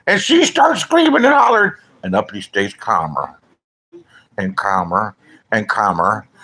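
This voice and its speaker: A man's voice: on the high side, rough recording. Profane rambling middle-aged man. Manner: profane, rambling, swings into loud rants. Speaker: vlogger. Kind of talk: casual livestream commentary.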